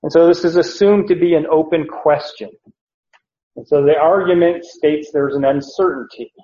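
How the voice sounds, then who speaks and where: Male Bible teacher, unhurried and mellow, lo-fi recording. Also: on the high side. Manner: slow, deliberate explanation with frequent "uh" and self-corrections. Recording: roomy, dull lo-fi recording.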